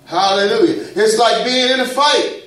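High-voiced man preaching in an echoey church. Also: normal speed, a bit bright. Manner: call-and-response preaching, folksy and humorous. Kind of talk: sermon. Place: church sanctuary. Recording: echoey church room, mic at a distance.

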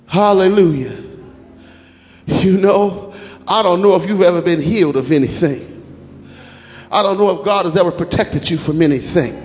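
Older male pastor, very high voice, shouting repetitive sermon cadence, echoing church hall. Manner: shouting, rhythmic repetition, chanted phrases.

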